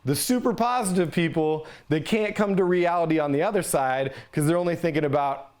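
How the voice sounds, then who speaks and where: A man leads an instructional talk on handling stress, speaking in a slightly raised register. His delivery is casual and conversational, and he often checks in with a quick "right?" as he goes. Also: a little high, darkish tone. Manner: conversational, ends points with "right?". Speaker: resiliency trainer.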